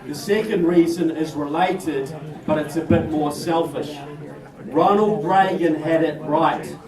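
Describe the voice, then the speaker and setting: A man's voice: fairly high pitch, a little mellow. New Zealand man speaking to a crowd. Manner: emphatic, jokey, addresses crowd as folks. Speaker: guest speaker. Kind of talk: political speech at an event. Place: indoor event room. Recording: distant roomy mic with crowd.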